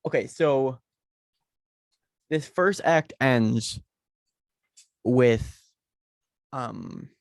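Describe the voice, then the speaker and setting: A man co-hosting a podcast in casual chat, relaxed and joking while he pitches story ideas. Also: very slow, creaky, pauses often, no room sound. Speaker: podcast co-host.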